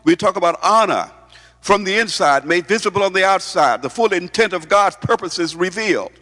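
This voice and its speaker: Emphatic high-voiced male preacher. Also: animated, normal speed, pushed and bright. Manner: emphatic, repeats words, asks the congregation questions. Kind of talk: sermon. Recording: long hall reverb.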